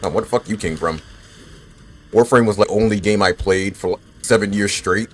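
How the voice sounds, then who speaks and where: A man's voice: on the low side, normal speed, slight background noise. A man in his twenties giving casual, profane commentary while he streams a game, chatting loosely with viewers and fighting the hiccups. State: has the hiccups. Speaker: gaming streamer.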